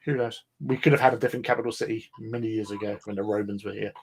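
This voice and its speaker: A man's voice: lowish voice, fairly even intonation, racing, darkish tone, husky. An English man hosting a livestream, chatting casually in a rambling way with lots of ums and restarts. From England. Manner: rambling, chatty, many fillers. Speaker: livestream host. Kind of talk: casual chat.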